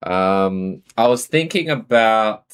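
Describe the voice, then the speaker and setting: A man's voice: on the low side, expressive, takes it slowly, clean tone. A man with an Australian accent chatting casually on a live stream, greeting and answering his viewers.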